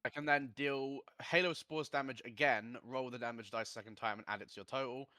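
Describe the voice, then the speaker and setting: A man's voice: medium pitch, fairly even intonation, fairly quick, bright, forceful tone, dry recording, studio quality. A man playing a tabletop game, eager and rambling as he explains rules and cracks crude jokes. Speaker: player. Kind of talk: casual chat at a game table.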